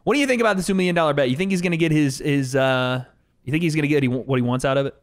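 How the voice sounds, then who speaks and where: A man's voice: on the high side, rapid-fire. A man co-hosting a podcast, talking casually and at length while reacting to video clips, swearing now and then. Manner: animated, talkative, swears casually.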